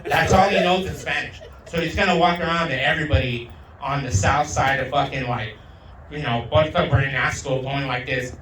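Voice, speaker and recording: A male comedian doing a crude, rowdy stand-up set, slipping into Spanish and loud put-on voices. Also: mid-range voice, normal speed, a little hiss or hum. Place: outdoor backyard show. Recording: roomy sound from a distant mic.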